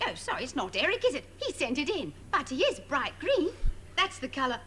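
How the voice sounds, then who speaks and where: An actress playing a sing-song, condescending children's TV presenter with barbed asides. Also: female voice, sits high, huge pitch swings, a little fast, pushed and bright, a little hiss or hum, heavily acted. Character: sugary sarcastic woman kids' TV presenter.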